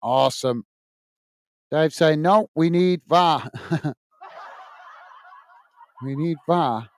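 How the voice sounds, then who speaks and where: A man's voice: on the high side, drawn-out words, slight background noise. Chatty man hosting a match stream. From United Kingdom. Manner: chatty, reads out viewer messages, calls play-by-play. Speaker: watch-along host. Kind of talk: casual live commentary and chat reading.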